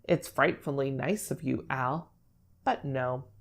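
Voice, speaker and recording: A woman's voice: rumbling low, takes it slowly, creaky, exaggerated voice. A woman voicing a bold, clever little mouse in a picture-book read-aloud, with a sly, knowing lilt. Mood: sly, boastful.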